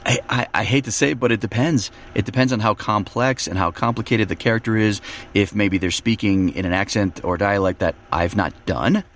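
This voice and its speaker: A man who narrates audiobooks, talking in a relaxed podcast chat and explaining his process with fillers and restarts. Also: fairly low pitch, fairly quick, a little hiss or hum.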